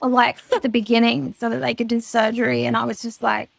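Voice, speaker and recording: High, gravelly woman telling her story. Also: flat delivery, quick pace, dry recording. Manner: frank, casual, swears freely. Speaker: guest. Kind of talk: candid personal storytelling.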